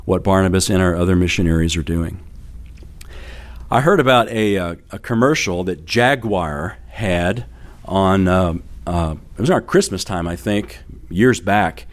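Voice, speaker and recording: A middle-aged pastor delivers a sermon in a relaxed, conversational way. He tells stories with everyday fillers and light laughter. His voice sits a little low.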